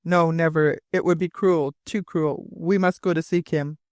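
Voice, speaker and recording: Guy doing a rough old frontier sailor, choppy and insistent, slightly high voice, dry sound. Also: fairly even intonation, normal speed, a little mellow, no room sound, lightly acted. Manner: broken, repetitive, emphatic phrasing.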